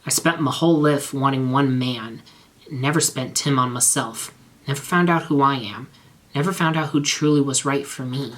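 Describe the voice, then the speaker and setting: A man reading the lines of a brooding young gothic heroine in a soft, subdued way. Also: mid-range voice, normal speed, lightly acted.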